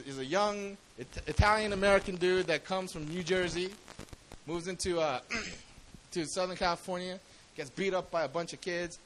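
A man's voice: high-pitched, a bit bright, rough recording. A man preaching a sermon in a casual, slangy way, often asking the congregation questions.

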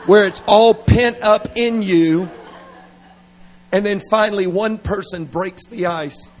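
A middle-aged man preaching at a revival service, animated and playful, with laughing asides. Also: high voice, takes it slowly, low-quality recording. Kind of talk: revival sermon.

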